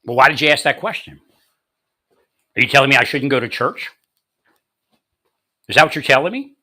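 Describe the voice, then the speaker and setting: A man's voice: mid-range voice, expressive, moderate pace, pushed and bright, dry recording. A man delivering a confrontational monologue, angrily ranting at unseen opponents. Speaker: vlogger.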